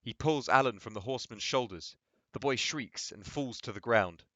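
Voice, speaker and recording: A man reading stage directions from a play aloud, plain and steady. His voice sits at a middle pitch. The recording is dull and dry. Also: normal speed, no echo. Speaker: reader.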